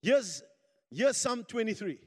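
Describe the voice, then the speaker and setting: A pastor preaching a sermon, leading his congregation in call and response and climbing to shouts at the peaks. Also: sits high, big pitch swings, slow pace. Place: church hall. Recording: long hall reverb.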